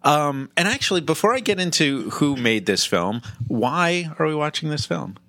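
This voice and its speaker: A man co-hosting a casual podcast chat, animated and wry, musing aloud. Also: a little high, moderate pace, no echo. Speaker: podcast co-host.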